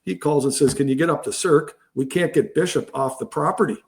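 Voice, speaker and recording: A middle-aged man, co-hosting a casual sports podcast and telling umpiring stories in an animated way, often restarting his sentences. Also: fairly high pitch, a little fast, slight background noise. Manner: animated storyteller, many restarts. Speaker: podcast co-host, baseball umpire. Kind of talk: casual storytelling chat.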